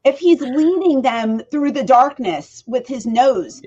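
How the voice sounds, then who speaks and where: A woman co-hosting a podcast in casual chat, animated, laughing easily and trailing off mid-sentence. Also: sits high, slow, husky, muffled recording. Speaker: podcast co-host.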